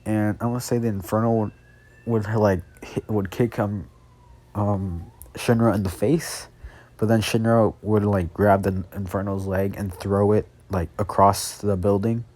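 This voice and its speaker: A young man with a lowish, mellow voice tells an improvised fan story at a home microphone. He rambles along casually, full of fillers and restarts. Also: level tone, measured pace.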